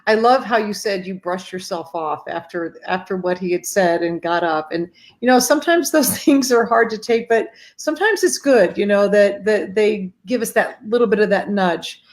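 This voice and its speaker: Her medium-pitched voice moves at a moderate pace with hardly any pauses as she hosts a faith-based grief support livestream over video call. She chats casually, warmly calls out viewers by name, and uses a lot of fillers.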